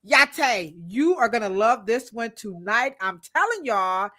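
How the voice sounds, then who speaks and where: Lively woman hosting a live podcast. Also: on the high side, unhurried. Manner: lively, greets viewers in the chat by name; casual, slangy American speech. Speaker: podcast co-host. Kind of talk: live-stream podcast chat.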